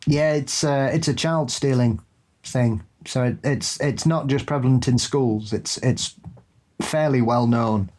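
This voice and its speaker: A man co-hosting a ghost story podcast, chatting casually and reading out listener stories in a dry, unhurried way. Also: medium pitch, darkish tone. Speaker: podcast co-host.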